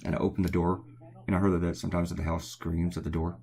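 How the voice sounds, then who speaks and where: A man's voice: sits low, flat delivery, fast, vocal fry, dark tone. A man with a Southern accent, a cartoonist chatting in a rambling, casual way while drawing and answering viewer comments at home. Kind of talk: casual live drawing chat. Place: home at night, quiet to not wake others.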